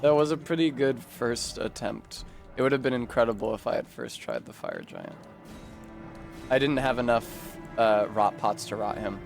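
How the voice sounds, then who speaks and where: A man's voice: medium pitch, sing-song, creaky, soft background music. Swearing man streaming a game. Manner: talks back to chat, swears freely, quick asides. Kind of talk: casual live-stream chat.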